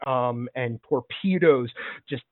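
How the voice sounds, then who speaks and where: A man narrating as game master of a tabletop game in a relaxed, halting way with fillers. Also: medium pitch, no room sound, narrow, tinny audio.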